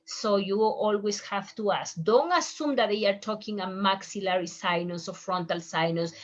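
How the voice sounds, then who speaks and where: A woman whose first language is Spanish, teaching medical Spanish terms slowly, repeating each word twice and explaining as she draws. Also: mid-range voice. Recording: dull lo-fi sound.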